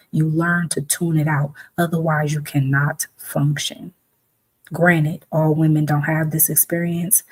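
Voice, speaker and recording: A woman hosts a reflective talk, speaking emphatically and conversationally and sometimes acting out the voices of people she quotes. Her voice is low and a little mellow, with a breathy edge.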